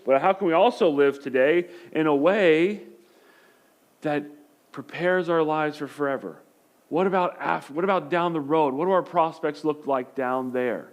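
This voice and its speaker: A man's voice: on the high side, moderate pace. A male pastor in his thirties giving a conversational sermon, telling humorous stories.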